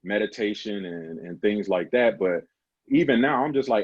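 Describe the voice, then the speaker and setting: A man's voice: fairly low pitch, expressive, moderate pace, slightly rough, dry recording, lo-fi sound. A man speaking earnestly and openly about his emotions on a radio panel discussion. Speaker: panel guest. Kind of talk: candid radio panel talk.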